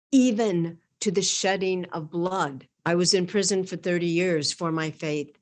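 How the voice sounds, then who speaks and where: Earnest woman reading a homily. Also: on the low side. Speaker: guest.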